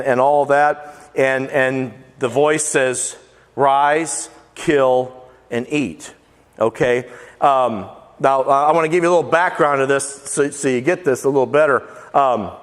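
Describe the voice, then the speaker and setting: A male pastor giving a casual, humorous sermon, folksy and joking, rattling off lists with playful emphasis. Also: mid-range voice. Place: church sanctuary. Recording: long church-hall reverb.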